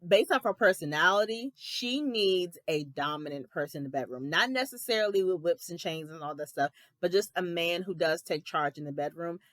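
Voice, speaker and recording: Sassy woman with dry close sound. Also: no room sound. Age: 30s. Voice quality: expressive pitch jumps for emphasis. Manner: sassy, animated, quick asides, dramatic quoted reactions. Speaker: reality TV recap host. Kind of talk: casual opinionated recap.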